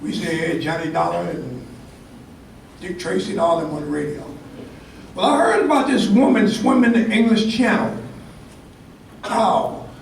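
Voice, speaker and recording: An older man from Harlem tells a story in a speech, lively and acting out each character. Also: sits high, normal speed, creaky, long pauses, slight background noise. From Harlem, New York. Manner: animated storyteller, acts out quotes. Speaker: ceremony speaker. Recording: echoey hall from far off, faint ambience.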